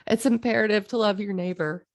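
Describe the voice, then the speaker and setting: A woman speaks earnestly and with passion, drawing out key phrases as if preaching to her listeners. Her mid-range voice carries a noticeable gravelly fry. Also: mid-range voice. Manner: earnest and impassioned, with emphatic drawn-out phrases. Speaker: astrologer. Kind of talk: heartfelt monologue on astrology.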